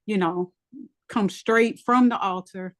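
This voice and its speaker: A married woman with children in a Bible study group, telling animated, colloquial stories in a casual discussion. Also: medium pitch, slow.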